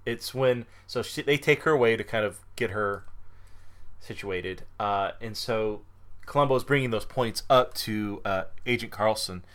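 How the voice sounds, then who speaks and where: A man's voice: on the low side, unhurried, fairly bright tone. A man co-hosting a podcast, recapping a story in casual chat with fillers and easy laughs. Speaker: podcast co-host.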